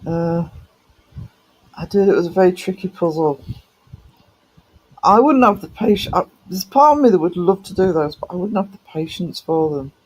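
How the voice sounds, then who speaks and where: A man's voice: high voice, expressive, moderate pace, pauses often, husky, poor audio. A man live-streaming and chatting casually with viewers, greeting them by name with affectionate pet names, his voice cracking a little.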